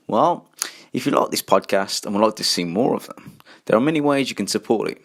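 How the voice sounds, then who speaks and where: A man's voice: lowish voice, animated, normal speed, a bit bright. A man hosting a podcast, reading a scripted support message with dry humor. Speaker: podcast host. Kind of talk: scripted sponsor read.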